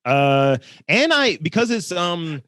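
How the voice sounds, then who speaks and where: A man's voice: high voice, big pitch swings, slow pace, a bit bright, dry recording. Joking, loose-talking man, dry sound. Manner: loose, joking, profane storytelling. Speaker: podcast guest. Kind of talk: casual chat.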